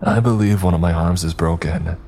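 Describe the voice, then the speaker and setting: A man's voice: low voice, steady tone, a little fast, a little mellow, a little hiss or hum, close to an everyday voice. A man voicing an injured male diver who calls out, strained, from further down a pipe.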